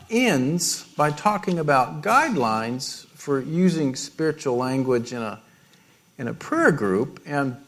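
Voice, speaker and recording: A middle-aged man preaching a sermon, halting and self-deprecating, with many restarts and small laughs. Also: medium pitch. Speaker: pastor.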